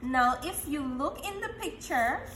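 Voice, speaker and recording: Woman teacher, high animated voice, bright tone, patient and encouraging with small children. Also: roomy sound, slight background noise. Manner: encouraging, repeats letter sounds slowly. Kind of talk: classroom phonics lesson. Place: classroom.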